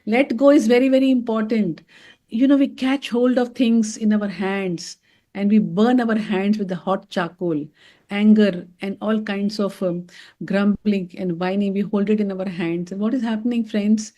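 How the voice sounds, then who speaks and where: A woman's voice: medium pitch, moderate pace. A middle-aged woman giving a motivational talk, telling stories and calling her listeners friends. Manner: animated storytelling, addresses listeners as friends. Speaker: doctor giving a wellness talk.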